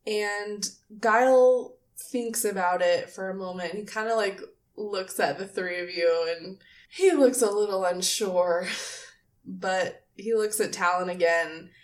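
A woman's voice: mid-range voice, recorded from a distance. A woman narrating as game master in a casual, rambling way. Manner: casual, lots of fillers.

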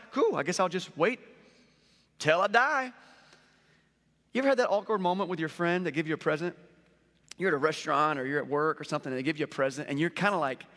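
A man in his forties preaching a conversational sermon, telling stories with lively rhetorical questions. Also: high-pitched. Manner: animated storytelling with rhetorical questions. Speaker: pastor. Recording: long hall reverb.

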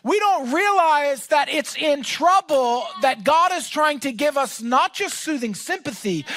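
A man preaching a sermon as pastor, talking in a casual, animated way that rises to shouts. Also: extremely high pitch.

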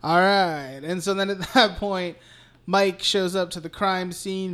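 A man's voice: high voice, steady tone, normal speed, fairly bright tone, smooth. A man co-hosting a podcast, retelling a horror movie plot in a rambling, profane, casual way. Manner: rambling, profane, laughing recap. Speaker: podcast co-host. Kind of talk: casual movie recap chat.

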